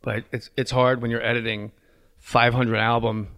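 A man's voice: medium pitch, little pitch movement, moderate pace, fairly bright tone. A comedian from New Jersey, a man, chatting on a podcast in a rambling, crude and frank way. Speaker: comedian guest. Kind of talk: casual podcast chat.

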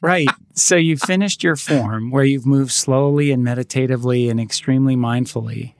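A man co-hosting a podcast, telling reflective, gentle anecdotes in casual conversation. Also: medium pitch, normal speed, no room sound, studio quality. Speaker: podcast co-host.

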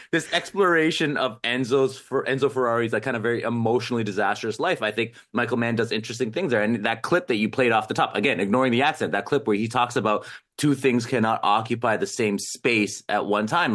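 A man with a lowish voice reviewing a film on a podcast. He talks through his points in a thoughtful, meandering way, full of fillers. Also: fairly bright tone. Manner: thoughtful, rambling analysis with fillers. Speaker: film critic guest. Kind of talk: podcast discussion.

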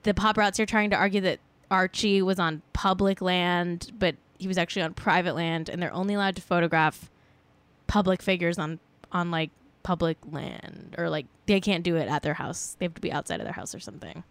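A woman's voice: on the low side, steady tone, fairly quick, smooth, dry recording. A woman co-hosting a casual podcast, chatting about celebrity gossip in a rambling way with plenty of filler words. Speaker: podcast co-host.

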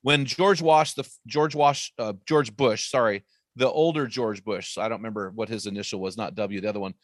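A man, an author and guest, teaching on faith and marriage in an emphatic, preacherly way with quick asides. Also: lowish voice, steady tone, dry recording, studio quality.

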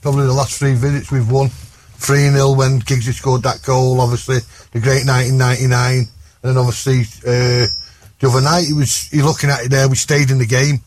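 A man talks through a football match as a guest pundit, blunt and matter-of-fact. His voice sits at an ordinary middle pitch. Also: little pitch movement, fairly quick, slight background noise. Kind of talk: casual match analysis.

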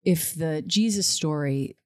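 A woman's voice: low voice, a little slow, darkish tone, no room sound, studio quality. A woman talking in a casual, reflective way, often laughing at herself as she talks. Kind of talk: casual conversation. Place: Los Angeles area.

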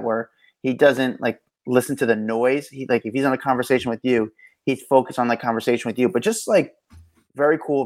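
A man co-hosting a celebrity news podcast in a rambling, animated casual chat, often correcting himself. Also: mid-range voice. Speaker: co-host and street reporter.

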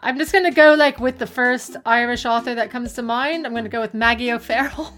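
A woman's voice: fairly high pitch, fairly quick, fairly bright tone, soft background music. A woman from the United States co-hosting a podcast, playful and self-mocking in casual chat. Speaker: podcast co-host.

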